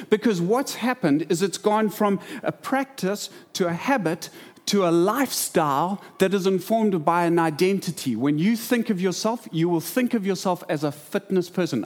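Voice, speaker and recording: Telling stories within his sermon, a middle-aged pastor keeps things lively. His voice frequently leaps up in pitch and speeds up as he goes.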